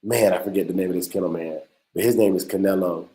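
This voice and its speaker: A man's voice: deep voice, steady tone, quick pace, mellow, poor audio. A man hosting a podcast livestream in a laid-back, slangy way, often repeating words. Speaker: podcast host. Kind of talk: casual livestream chat.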